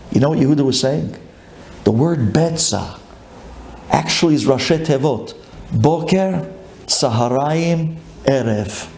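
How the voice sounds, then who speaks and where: A man, a rabbi, giving a lively sermon, acting out a grumbling congregant and building up to shouted lines. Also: on the high side, reverberant.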